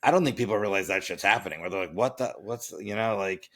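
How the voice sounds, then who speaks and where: A man's voice: fairly low pitch, fast talker, a bit bright. A man from Florida hosting a podcast, chatting casually and rambling through restarts and filler phrases. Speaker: podcast host. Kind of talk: casual conversational interview.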